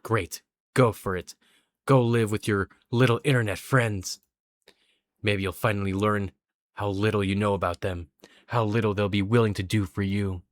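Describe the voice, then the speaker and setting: A man's voice: lowish voice, fairly even intonation, moderate pace, dry recording, clean studio sound, lightly acted. A man voicing a strict, worried mother who lectures her daughter. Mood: stern. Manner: stern, lecturing.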